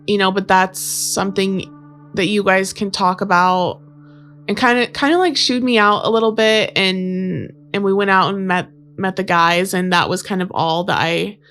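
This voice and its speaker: A young woman with a somewhat low voice tells a personal story in a loose, conversational way, full of fillers and retold dialogue. Faint music sits quietly under her voice. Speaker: podcast guest.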